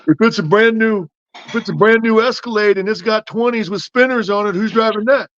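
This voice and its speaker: A man's voice: high-pitched, fairly quick, fairly bright tone, dull audio. A man hosting a podcast who argues his points casually, stacking up rhetorical questions. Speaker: podcast host.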